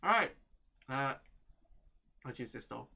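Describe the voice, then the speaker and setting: Bright, bubbly let's-play gamer. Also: mid-range voice, animated, slow, creaky. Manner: chatty, giggly reactions to the game. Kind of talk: casual gameplay commentary.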